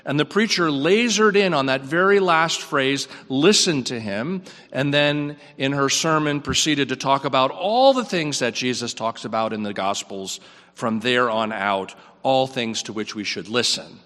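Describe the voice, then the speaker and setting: A man's voice: mid-range voice, expressive, moderate pace. Male preacher in a reverberant hall. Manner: reflective, rising to earnest questions then dropping soft. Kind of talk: sermon.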